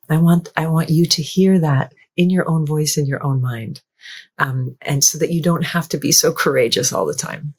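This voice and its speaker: A woman guest on an interview podcast, speaking in a gentle, affirming way and repeating phrases for emphasis. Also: sits low, normal speed, husky. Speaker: guest author.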